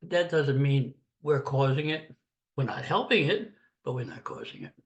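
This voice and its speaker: A man's voice: medium pitch, expressive, moderate pace. An older American man giving a blunt, sarcastic, rambling political rant in a casual monologue. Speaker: political commentator.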